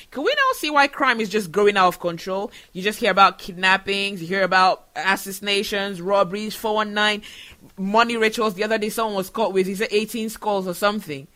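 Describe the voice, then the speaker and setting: A man's voice: high-pitched, brisk, bright, forceful tone. A man from Nigeria, hosting a solo podcast and talking in an earnest, emotional way. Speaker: show host.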